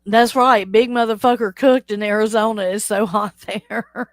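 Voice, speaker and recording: A woman hosts a relaxed live stream and talks straight to her viewers. She speaks slowly into a close mic in a dry room, with a mid-range voice. She teases them, laughs often and reads the chat aloud as she goes. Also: medium pitch, no echo. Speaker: livestream host.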